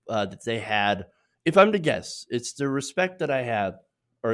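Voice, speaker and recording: Sniffly man riffing on politics. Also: mid-range voice. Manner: conversational, many fillers and restarts, opinionated. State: sick with sniffles. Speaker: political commentary show host. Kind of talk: casual political commentary.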